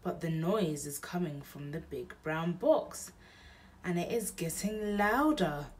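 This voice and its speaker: A mother reading a bedtime storybook aloud to her baby in a slow, gentle pace. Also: lowish voice, far from the mic.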